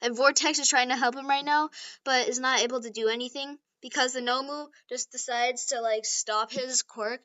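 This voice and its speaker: A woman's voice: sits high, fairly even intonation, normal speed, sharp tone. A woman casually retelling a fan-made story, rambling with lots of fillers, in a lo-fi recording. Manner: rambling, giggly, filler-heavy.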